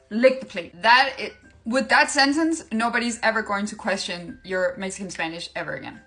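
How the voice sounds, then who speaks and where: A woman's voice: on the high side, normal speed, few pauses, sharp tone, soft background music. A woman giving a comedic language tutorial, playful and often breaking into laughter. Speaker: language-tips creator.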